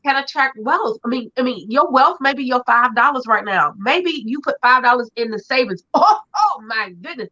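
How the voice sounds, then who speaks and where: Bright, lively woman host. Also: high-pitched, moderate pace, hardly any pauses. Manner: expressive, vivid everyday metaphors and playful asides. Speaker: podcast host. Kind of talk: casual conversational chat. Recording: dull lo-fi sound.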